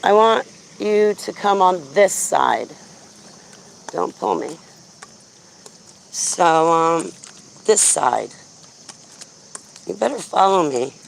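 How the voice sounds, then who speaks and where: Woman vlogger, gravelly fry, blunt chatty storyteller, outdoors on a phone mic, faint background noise. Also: sits low. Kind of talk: casual rambling chat. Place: outdoors walking a dog.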